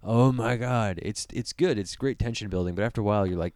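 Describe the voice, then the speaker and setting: A man's voice: fairly low pitch, quick pace, few pauses, darkish tone, smooth, no echo. A man co-hosting a podcast, reacting to a trailer in casual, enthusiastic chat and acting out quotes as he goes. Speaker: podcast co-host.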